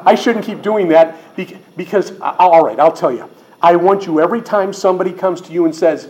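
A man's voice: fairly high pitch, animated, darkish tone. Joking older man teaching scripture. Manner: folksy and joking, slows for scripture. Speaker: Bible teacher. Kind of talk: sermon teaching.

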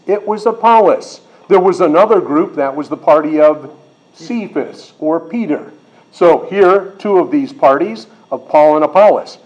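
A man's voice: on the high side, a little mellow, dull audio. A middle-aged man preaching a sermon as pastor, explaining scripture verse by verse and acting out quoted voices.

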